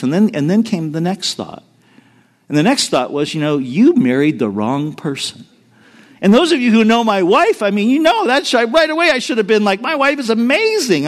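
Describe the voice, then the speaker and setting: A middle-aged man preaching a sermon, telling a personal story in an earnest way that moves between hushed and emphatic. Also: sits high. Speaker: pastor.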